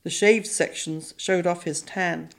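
A woman narrating a children's novel in a measured, even storytelling voice. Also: on the low side, creaky. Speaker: audiobook narrator. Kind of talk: scripted narration.

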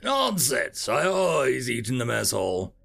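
Guy putting on a bossy bird-alien commander, brusque, raised voice, lively and gravelly. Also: high voice, a little slow, voice pushed up, full character voice. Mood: imperious. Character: towering red bird-like male alien commander.

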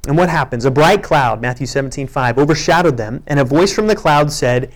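A man's voice: mid-range voice, a little fast, hardly any pauses. A man preaching a sermon, reading scripture aloud with earnest emphasis. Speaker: pastor.

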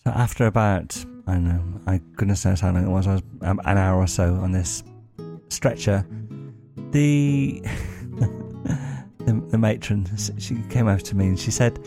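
A man's voice: low voice, a little slow, long pauses, loud music behind the voice. A man telling wry stories in a monologue, now and then chuckling dryly. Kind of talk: anecdotal monologue.

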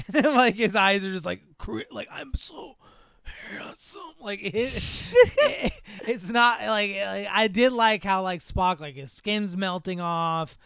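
A young man co-hosting a casual movie chat, animated and mocking, laughing often as he acts out scenes. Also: sits high, a little slow, vocal fry, clean tone, dry recording. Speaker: podcast co-host.

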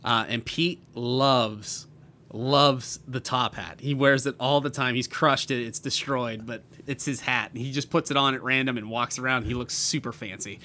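A man co-hosting a podcast, telling a rambling story in casual chat with lots of fillers and getting loud when excited. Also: medium pitch, normal speed, a little hiss or hum. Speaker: podcast co-host.

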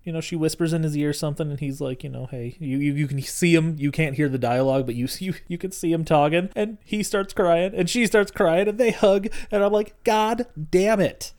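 A man casually recapping a movie on a podcast, animated and profane, often acting out lines. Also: on the high side, a little fast, hardly any pauses. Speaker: podcast co-host.

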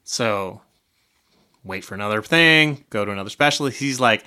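A man's voice: fairly low pitch, animated, moderate pace, pushed and bright, clean tone. A man co-hosting a podcast, short of breath, talking candidly in casual chat and swearing now and then. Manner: candid, swearing, laughing through hard news. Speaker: podcast co-host.

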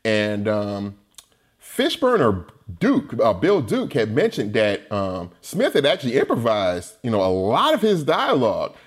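A man in casual film talk, animated and quick to laugh, acting out scenes as he goes. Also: medium pitch. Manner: animated, laughing, says "you know what I'm saying".

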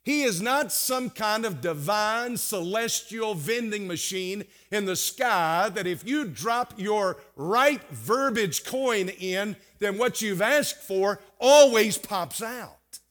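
Middle-aged man, preaching a sermon, higher-pitched voice, hushed-to-loud swings. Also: animated, slow, few pauses. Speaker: pastor.

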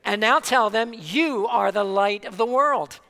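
Slow emphatic preacher in a reverberant hall. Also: male voice, sits high, pushed and bright. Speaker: pastor. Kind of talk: sermon. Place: church sanctuary.

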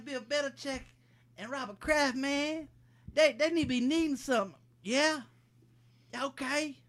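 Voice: high-pitched, fairly bright tone, dry recording. A performer playing Santa's laid-back male cousin Leroy, drawling slang and calling everyone man in a comedic improvised bit.

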